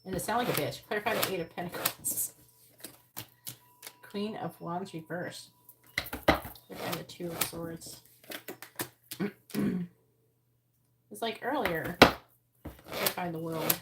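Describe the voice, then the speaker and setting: A woman's voice: on the low side, slow pace, vocal fry, pauses often. A woman doing a live tarot reading, talking bluntly and swearing, sounding angry while she talks through the cards. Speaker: tarot reader. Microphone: earbuds. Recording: loud background noise.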